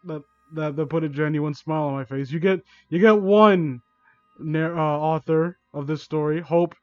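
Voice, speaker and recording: A man's voice: on the high side, moderate pace, dry recording, muffled recording, soft background music. A young man reading a fan story aloud for comedy, breaking off into sarcastic, exasperated commentary.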